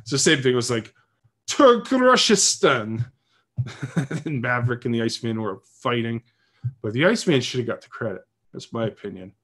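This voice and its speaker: A man's voice: mid-range voice, a little fast, a bit bright, slightly rough. A man talking in a casual, rambling monologue, giving his opinions and often saying "like".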